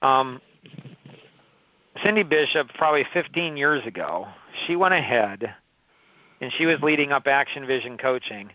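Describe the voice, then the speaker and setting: A man's voice: medium pitch, lively intonation, moderate pace, pauses often, no room sound, muffled recording. A man in his fifties leading a course, telling personal stories in an emphatic, repetitive way, often restarting his phrases. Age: 50s. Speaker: course leader. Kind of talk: motivational talk with personal stories.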